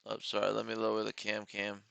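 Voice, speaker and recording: A man's voice: fairly low pitch, completely flat delivery, brisk, vocal fry, bright, forceful tone, clear, resonant tone, dry recording, poor audio. A man hosting a casual day-trading live stream from his home studio, rambling, joking and swearing freely as he talks through his trades.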